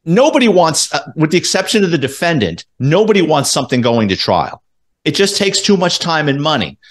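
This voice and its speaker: A middle-aged man, a former police officer telling a story in a casual interview, animated and profane, acting out the dialogue. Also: fairly high pitch, fairly quick. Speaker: former police detective, guest.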